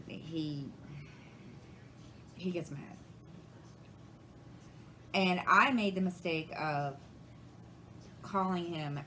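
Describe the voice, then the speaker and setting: A woman in her forties talks in a somewhat low voice, meandering through a story with restarts and acted-out dialogue. A faint hiss of background noise sits under the recording. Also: fairly bright tone, rough recording. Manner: rambling, retells conversations, many restarts. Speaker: crafting channel host. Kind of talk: casual storytelling to camera.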